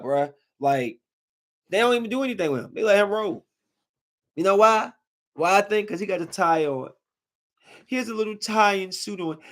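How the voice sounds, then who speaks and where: A fired-up man speaks, venting about a run-in on the road. His voice sits on the high side and keeps climbing toward near-shouting as his anger builds. It is loose, off-the-cuff podcast talk. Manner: heated, ranting, rising to near-shouting when angry. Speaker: podcast host. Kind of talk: casual ranting monologue.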